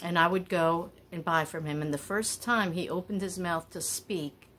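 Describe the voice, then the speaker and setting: A middle-aged woman telling stories in a chatty, wandering way with animated asides. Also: on the low side, normal speed, slight background noise. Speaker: vlogger. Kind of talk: casual storytelling.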